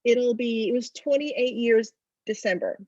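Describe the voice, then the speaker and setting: A woman's voice: unhurried, dry recording, highs cut off. A middle-aged woman from Oklahoma, an author, telling stories in a casual interview and acting out the dialogue. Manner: animated storyteller, acts out dialogue with big pitch jumps. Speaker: author guest.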